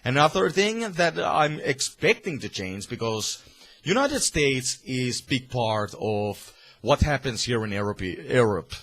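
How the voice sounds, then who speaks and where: A man's voice: medium pitch, lively intonation, measured pace, a bit bright. A man from Finland with a Finnish accent, delivering a heated, profane political rant to camera with many restarts. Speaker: vlogger.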